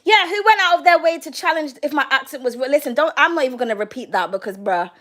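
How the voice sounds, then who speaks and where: A high-voiced young woman talks loosely to her viewers while reading their comments. She is giggly and blunt, swears freely, and breaks into loud outbursts. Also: expressive, fast talker. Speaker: tarot reader hosting a live reading. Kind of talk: casual live chat reading comments.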